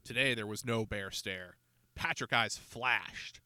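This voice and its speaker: A man reading a children's mystery book aloud in an expressive storytelling manner. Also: on the low side, slow pace, smooth, dry recording. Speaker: narrator.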